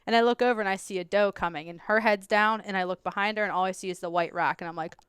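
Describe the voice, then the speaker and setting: A woman guest on a podcast tells a story in a smooth, clear voice, laughing often and jumping into loud, high bursts when she acts out what she said. The recording is close and dry. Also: fairly even intonation, fast, no echo. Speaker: podcast guest, law enforcement officer. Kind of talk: animated storytelling in casual chat.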